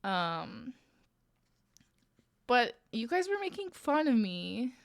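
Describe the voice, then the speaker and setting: A woman's voice: fairly high pitch, sing-song, takes it slowly, creaky. Playful woman streamer chatting with chat. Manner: playful, laughs often, reads chat aloud. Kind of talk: casual stream chat while crocheting.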